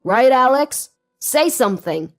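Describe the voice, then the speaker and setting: Woman doing a loud bullying mob newcomer. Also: sits high, animated, a little slow, voice pushed up. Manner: boastful, threatening, shouting. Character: brash loud young male mafia newcomer.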